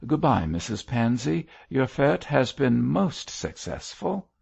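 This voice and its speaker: A man's voice: medium pitch, very animated, slow, gravelly, darkish tone, slightly rough, voice pushed up, full character voice. A man voicing a suave older bishop in an audiobook, speaking politely but hurriedly. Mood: strained polite.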